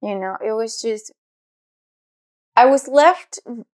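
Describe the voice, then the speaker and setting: A woman's voice: a little high, slow pace, a little mellow. A young woman co-hosting a podcast, talking in a rambling, hesitant way with lots of fillers. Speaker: podcast co-host. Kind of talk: casual chat.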